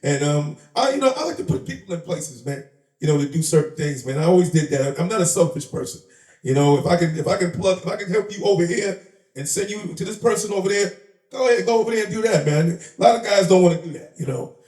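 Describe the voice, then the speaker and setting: Fast, animated, and on the high side with a darkish tone, this Bronx-born rapper-comedian tells stories in a relaxed interview, laughing and voicing the characters in a streetwise way. The chat takes place at a live event inside a shop. Captured with roomy acoustics, a little far from the mic.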